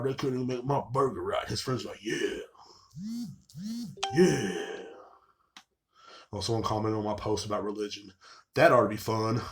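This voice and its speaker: A man hosting his own show, venting in a casual, rambling, sarcastic monologue full of profanity. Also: fairly low pitch. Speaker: show host.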